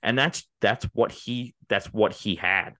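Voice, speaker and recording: A man's voice: fairly low pitch, measured pace, pushed and bright, no room sound. A man co-hosting a casual movie podcast, rambling through the plot with many restarts and fillers. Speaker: podcast co-host.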